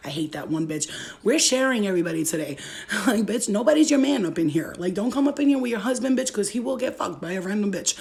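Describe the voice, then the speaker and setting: A woman's voice: mid-range voice, expressive, quick pace, gravelly, darkish tone. A young woman vlogger telling a story in a blunt, profane way and laughing often. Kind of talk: storytime vlog.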